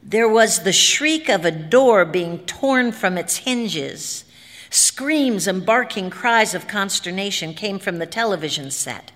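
A woman narrating a story in a dramatic, expressive reading. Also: mid-range voice. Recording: long hall reverb.

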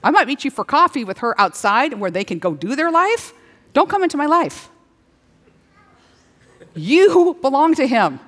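Animated middle-aged woman preaching in a hall. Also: sits high, normal speed, long pauses. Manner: animated and playful, acting out little dialogues. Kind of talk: sermon. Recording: long hall reverb.

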